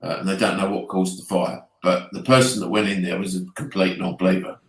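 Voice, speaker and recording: A man's voice: sits low, steady tone, fairly quick. Earnest Essex man in an echoey room. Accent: Essex English. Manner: earnest, speculative, trails off and restarts. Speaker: podcast co-host. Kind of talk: casual chat.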